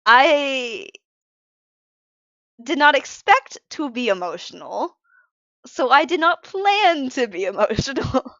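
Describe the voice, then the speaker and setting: A woman's voice: high-pitched, sing-song, slow, pauses often, fairly bright tone, dry recording, highs cut off. A tired woman streamer chatting casually while she draws. She rambles and interrupts herself, and is frank about being emotional. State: tired from little sleep. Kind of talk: casual live-stream chat while drawing.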